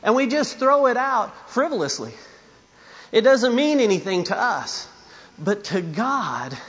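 A man's voice: high-pitched, fairly bright tone, dull audio. A man preaching a sermon, emphatic and repetitive, with asides to the congregation. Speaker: pastor.

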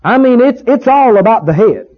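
A man's voice: very high voice, very animated, normal speed, breathy edge, narrow, tinny audio. A man preaching a sermon in a church, emphatic, repeating key words and rising on exclamations. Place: church sanctuary.

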